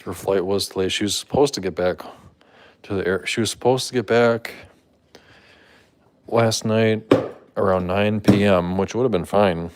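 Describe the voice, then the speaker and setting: A man's voice: normal speed, pauses often, slight background noise. A man hosting a casual live stream, chatting to viewers and his cats and thanking supporters. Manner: talks to his cats in a high playful voice. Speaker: livestream host.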